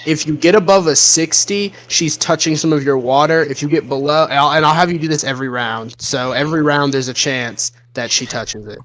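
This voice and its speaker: A man serving as game master, calmly narrating the action and explaining the rules in a measured way. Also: a little high, slight background noise, poor audio.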